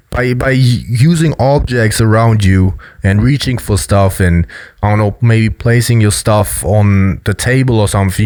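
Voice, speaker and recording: A man's voice: fairly low pitch, a little mellow, no room sound. A man giving a loose, explanatory commentary on body language, full of fillers. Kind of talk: casual video commentary.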